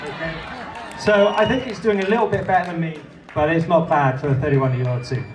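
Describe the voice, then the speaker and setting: A man's voice: fairly high pitch, fairly quick, crowd noise, noisy background. A man in his sixties, a contestant, talking in a friendly, self-deprecating way. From Great Britain. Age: 60s. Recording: echoey room from far off.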